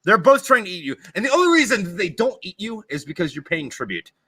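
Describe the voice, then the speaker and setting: A man hosts a podcast in a loud, heated rant, piling on swear words and tripping over his own restarts. His voice sits a little high and sounds bright and forceful, recorded close and dry with no room sound. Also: very animated, quick pace, breathy edge, no room sound. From United States. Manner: profane heated ranting with stammered restarts. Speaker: podcast host. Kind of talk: casual podcast chat.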